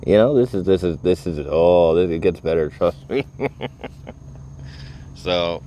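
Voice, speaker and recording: Deep-voiced man telling a joking story. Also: unhurried, dark tone, slight background noise. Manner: profane, joking, chuckles often. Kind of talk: casual storytelling.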